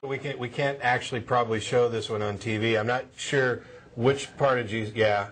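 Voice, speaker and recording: A man's voice: medium pitch, fairly even intonation, normal speed, fairly bright tone, slight background noise. A man joking around on camera, stammering, laughing often and talking while he eats. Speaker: show regular. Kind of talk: joking casual chat on camera.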